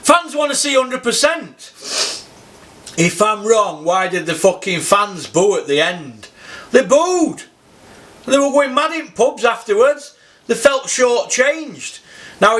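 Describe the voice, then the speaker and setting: A man's voice: very high-pitched, fairly bright tone. A man ranting about boxing, blunt and sweary, throwing in tag questions. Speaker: boxing commentator. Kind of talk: ranting commentary.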